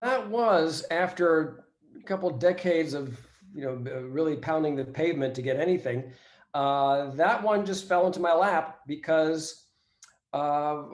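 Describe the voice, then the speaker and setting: A man actor reminiscing in a casual interview, speaking in a measured way with frequent pauses. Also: fairly high pitch. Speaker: actor guest. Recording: roomy echo.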